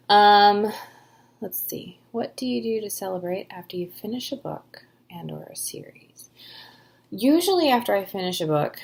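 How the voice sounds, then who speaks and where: A woman author in her thirties from the Pacific Northwest, answering questions in a chatty, enthusiastic way with many ums and breathy words that trail off. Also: low voice. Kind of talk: casual Q&A answers.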